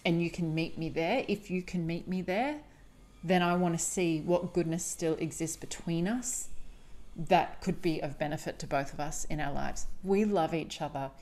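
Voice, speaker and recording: Low-voiced woman podcaster, emphatic and candid. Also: normal speed, darkish tone. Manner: emphatic, frequent swearing; candid, confessional. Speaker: podcast host. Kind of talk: solo podcast monologue.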